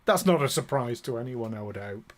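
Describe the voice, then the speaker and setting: A man's voice: medium pitch, lively intonation, a little fast. A man running an online tabletop game as game master, chatty, laughing often and easily sidetracked.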